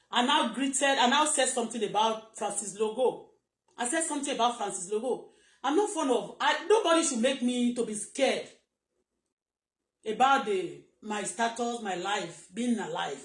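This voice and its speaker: Nigerian woman live-streaming from an echoey room, higher voice, rambling and agitated. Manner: rambling, repetitive, agitated, switching into Yoruba at times. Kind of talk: emotional live-stream monologue. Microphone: phone.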